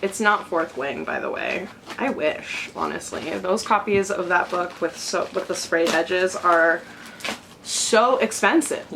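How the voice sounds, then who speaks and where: A young woman talks casually through her reading vlog, chatty and unfiltered with the odd swear word. Her voice has a gravelly, fried edge. A faint hiss sits under the home recording. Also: on the low side, big pitch swings, normal speed. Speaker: book vlogger.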